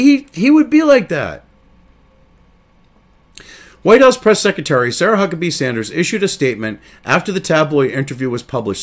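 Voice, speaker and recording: A man hosting a crude, indignant commentary show, reading news excerpts aloud and then ranting about them. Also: fairly high pitch. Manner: reads article excerpts then reacts.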